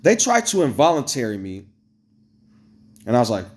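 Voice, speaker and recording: A man telling a story straight to his viewers in a casual, blunt, profane rant, swinging between loud exclamations and low asides. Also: huge pitch swings, normal speed. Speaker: vlogger. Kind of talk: casual ranting storytelling to camera.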